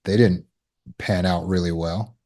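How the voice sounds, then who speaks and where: Low-voiced man teaching trauma recovery. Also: fairly even intonation, darkish tone. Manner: conversational, acts out quick quoted exchanges. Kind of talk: teaching talk.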